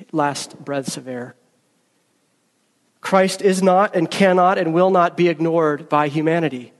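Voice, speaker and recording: Male pastor, slightly higher voice, emphatic sermon delivery, long hall reverb. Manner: emphatic, earnest preaching with storytelling.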